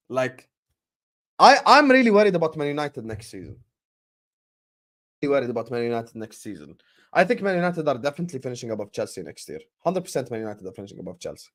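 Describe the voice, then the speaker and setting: A young man hosting a football transfer stream in casual live chat, animated and slangy, and he repeats his points. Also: on the high side.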